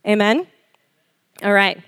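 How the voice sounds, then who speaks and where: A woman giving a casual, animated sermon as a preacher, acting out quoted lines and often asking the congregation "Amen?". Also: mid-range voice, slow pace, clear, resonant tone, dry recording. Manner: frequent light laughter and call-and-response "Amen?". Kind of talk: conversational sermon.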